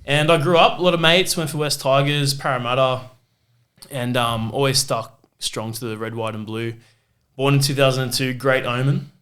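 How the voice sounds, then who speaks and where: A man's voice: medium pitch, moderate pace, a bit bright. A young Australian man hosting a fan podcast, chatting casually and telling stories with a laugh. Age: young adult. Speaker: podcast host. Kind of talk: casual chat.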